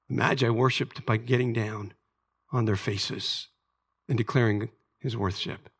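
A man's voice: mid-range voice, fairly even intonation, measured pace, breathy edge. A middle-aged man preaching a sermon as pastor, in an earnest, conversational way, and reading scripture aloud.

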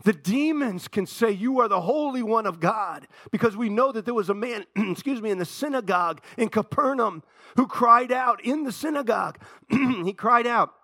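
A preacher man with a slightly raised pitch, talking close and dry with no room sound around him. He tells an old TV story like a conversation with friends, with asides to the crowd, then turns quiet and earnest to press the question of trust. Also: expressive, moderate pace, no room sound. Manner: conversational storytelling, retells a TV episode with asides to the congregation. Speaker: pastor. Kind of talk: sermon.

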